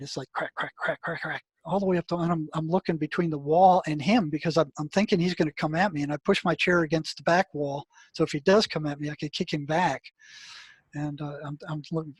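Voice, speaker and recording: A man from the US, a guest in an interview, telling a story in a halting way, repeating words and acting out what people said. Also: on the high side, breathy edge, no echo. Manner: halting, repeats words, acts out quoted dialogue.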